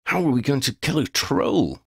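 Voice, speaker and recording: Man putting on a jumpy young companion, higher, murmuring, gravelly. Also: very animated, normal speed, dry recording, studio quality, full character voice. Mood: worried. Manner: hushed, uneasy.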